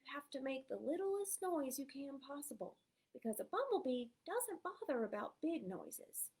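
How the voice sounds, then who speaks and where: A woman's voice: sits high, very animated, moderate pace, a little mellow. A woman voicing a wise old male groundhog who kindly instructs a young rabbit. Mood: confiding. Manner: confiding, instructive.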